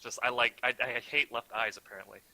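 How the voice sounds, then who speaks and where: A man's voice: mid-range voice, steady tone, brisk, bright, forceful tone, rough recording. A young man narrating as game master, rambling and correcting himself as he goes, with casual swearing.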